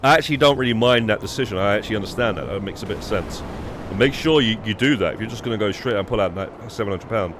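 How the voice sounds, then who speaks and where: A man's voice: lowish voice, expressive, quick pace, few pauses, noisy background. A young British man streaming a game, chatting casually and rambling with restarts and swearing. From United Kingdom. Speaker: live streamer. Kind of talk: casual gaming stream chat.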